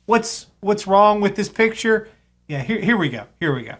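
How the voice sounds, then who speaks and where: A man's voice: sits high, sing-song, moderate pace. A man hosting a live radio show, chatting casually and now and then cooing to his cat. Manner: chatty, talks to his cat in a soft baby voice.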